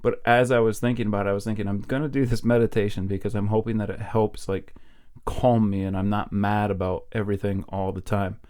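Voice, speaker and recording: A man's voice: on the low side, fairly even intonation, fairly quick, a little mellow. Rambling middle-aged man on a podcast. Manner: rambling, self-mocking, laughs often. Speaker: podcast co-host. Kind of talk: casual chat. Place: home recording, no studio.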